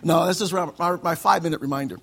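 A man preaching as pastor at a church service, his voice pitched high with a gravelly, creaky edge. He talks to the congregation in an easygoing, chatty way, dropping "amen" between points. He chuckles along as he goes. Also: fast, a bit bright. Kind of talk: sermon.

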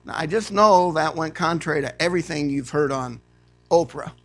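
A man preaching a sermon to a church congregation. He reads scripture aloud and rises to loud, emphatic preaching. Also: fairly high pitch, normal speed. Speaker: guest preacher.

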